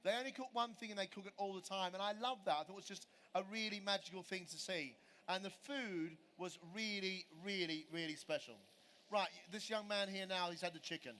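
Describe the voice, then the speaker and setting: A man's voice: sits high, brisk, sharp tone, a little hiss or hum. A middle-aged man giving a live cooking demonstration on a show stage, chatting with audience members and answering their questions. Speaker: celebrity chef doing a live cooking demo.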